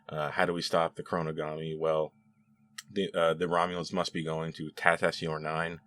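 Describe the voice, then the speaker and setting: A man hosting a casual spoken review, chatty and animated, with frequent laughs and restarts. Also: deep voice. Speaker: show host reviewing episodes.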